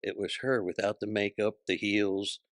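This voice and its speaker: A man's voice: lowish voice, flat delivery, moderate pace, no echo. An older man, a comedian guest, telling punchy, profane anecdotes and acting out voices in an interview. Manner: punchy, profane, acts out voices in his stories.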